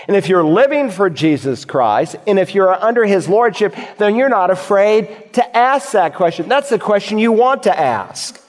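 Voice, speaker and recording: Guy preaching a bible sermon, kinda high voice, big echoey church sound. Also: lively intonation, moderate pace, hardly any pauses. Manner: earnest, emphatic Bible exposition with rhetorical questions. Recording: hall reverb.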